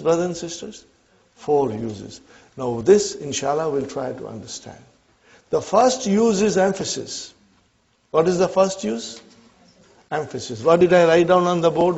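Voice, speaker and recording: A man teaching an Arabic grammar lesson to a class, slow and repetitive, often checking whether his listeners follow. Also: a little high, gravelly, a little mellow. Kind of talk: classroom lecture. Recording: dull lo-fi recording.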